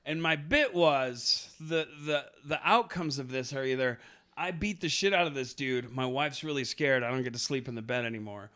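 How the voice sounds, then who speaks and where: Bright-voiced young man telling jokes. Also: medium pitch, moderate pace. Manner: joking storyteller, swears freely. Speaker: podcast co-host. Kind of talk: casual chat.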